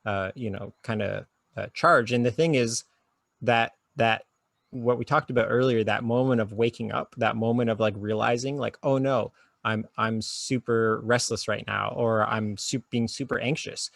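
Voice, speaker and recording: A man, a therapist guest on a podcast, talking slowly and soothingly as he guides a listener through a calming exercise. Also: mid-range voice, creaky, dry recording. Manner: slow soothing guided instructions. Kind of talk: calm guiding conversation.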